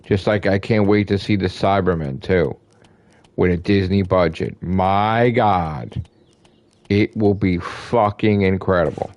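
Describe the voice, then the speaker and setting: Man, fairly low voice, excited fan rant, lots of swearing, repeats himself, dry close sound. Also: unhurried, no room sound. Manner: emphatic, profane, repeats himself. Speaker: gaming channel host.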